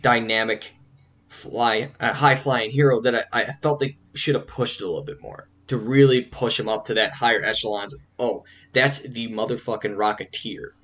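Male podcast co-host, mid-pitched, casual and rambling, lots of restarts. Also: moderate pace, a bit bright. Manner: rambling, restarts sentences while hunting for words. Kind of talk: casual film discussion.

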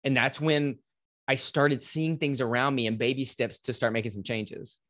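A man telling his own turnaround story as a podcast guest, in a casual, animated, motivational way, sometimes swearing. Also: mid-range voice, moderate pace. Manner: animated, casual, swears, mimics voices in anecdotes.

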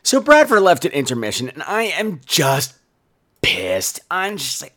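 A man's voice: a little high, wildly swooping pitch, measured pace, sharp tone. A man hosting a podcast, telling a profane, theatrical comic story. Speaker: podcast host.

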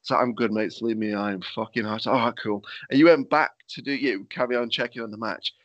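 A man's voice: lowish voice, fairly even intonation, fairly quick, a bit bright, dry recording. A man hosting a podcast, chatting casually and swearing freely over a video call. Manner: sweary, laid-back storytelling. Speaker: podcast host and wrestling promoter. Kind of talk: casual chat. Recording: muffled Skype call audio.

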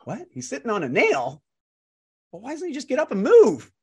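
A man's voice: high voice, very animated, normal speed, vocal fry, a little mellow, breathy edge, exaggerated voice. A man voicing a curious, polite young man who asks eager, puzzled questions.

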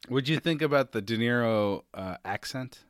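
A man's voice: medium pitch, expressive, normal speed, no room sound, clean studio sound. A man co-hosting a podcast in casual chat, chatty, reading from notes and laughing easily. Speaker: podcast co-host.

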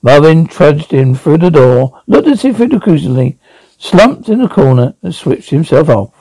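A man's voice: on the high side, sing-song, normal speed, mellow, breathy edge, no echo, poor audio. A man reading a novel aloud as narrator, with frequent slips and restarts. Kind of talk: audiobook reading.

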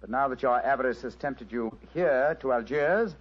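Sherlock Holmes, a man as a husky, cool detective. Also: mid-range voice, moderate pace, lightly acted. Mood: accusing. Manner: precise, coolly accusing. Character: cool, cutting male detective. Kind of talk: 1940s radio acting. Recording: dull lo-fi old radio recording.

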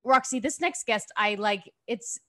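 A woman's voice: fairly high pitch, measured pace, a bit bright. A woman in her thirties hosting a podcast, chatty and bubbly, her sentences full of "like". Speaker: podcast host. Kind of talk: casual podcast chat.

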